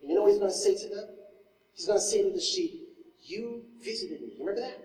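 A male pastor delivers an animated sermon, his voice jumping from big exclamations down to near-whispers as he tells a story. The sound is roomy with a long reverb tail, picked up from some distance away. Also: high-pitched, racing. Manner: animated storytelling, swinging from loud to hushed. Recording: echoey hall, mic from far off.

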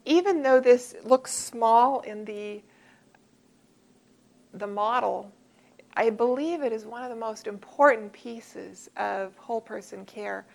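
A middle-aged woman delivers a teaching presentation and weaves personal stories into the lesson. Her voice sits a little high and has a gravelly edge. She stays earnest and conversational and goes soft and hushed when she quotes gentle words of comfort. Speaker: presenter teaching a care model.

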